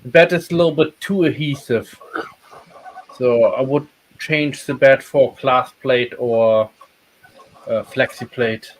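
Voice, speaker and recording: A man's voice: mid-range voice, takes it slowly, rough recording. Hesitant man with phrasing. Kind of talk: casual podcast chat.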